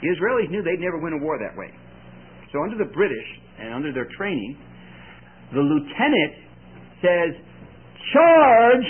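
A man preaching a sermon, telling stories with lively delivery and sudden shouted quotes. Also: a little high, a little fast, pauses often, slightly rough. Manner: animated storytelling with shouted quotes. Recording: tinny phone-like recording with faint hiss.

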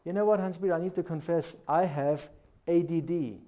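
A man's voice: a little high, a little fast. German-accented man preaching a sermon. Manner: earnest, builds to animated rhetorical questions.

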